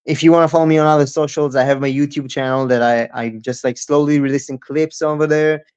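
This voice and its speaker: A man's voice: a little high, fairly even intonation, fast talker, darkish tone, smooth. Eager young man on dull lo-fi audio. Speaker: guest wrestler. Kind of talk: casual interview answers.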